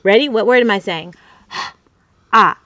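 A woman's voice: medium pitch, slow pace, sharp tone, dry recording, muffled recording. A woman host, coaching young children on reading sounds in an upbeat, teacherly manner with sing-song emphasis, recorded in a small closet studio.

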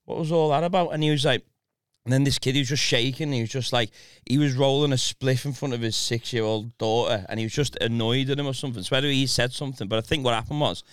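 A man's voice: mid-range voice, fairly even intonation, quick pace, hardly any pauses, a bit bright, clean tone, no echo, studio quality. A man telling a rambling story in casual chat, often laughing.

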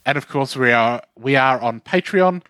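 A man hosting a podcast, with relaxed, sweary banter as he runs the show plugs. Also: medium pitch, moderate pace, no room sound. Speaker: podcast host. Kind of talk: casual podcast chat.

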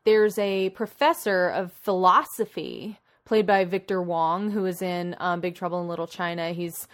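A woman co-hosting a casual chat, retelling a movie plot in a rambling, animated way full of asides. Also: on the low side, normal speed. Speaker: podcast co-host.

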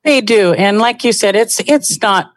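A woman talking as a podcast guest in a lively, animated way, laughing often. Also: medium pitch, measured pace. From United States. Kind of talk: casual conversation.

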